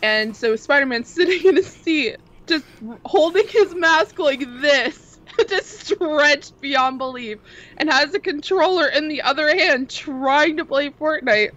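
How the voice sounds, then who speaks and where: A woman's voice: high voice, a little slow. Giggly woman guest on dull audio. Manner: giggly, excitable storyteller. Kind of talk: casual chat.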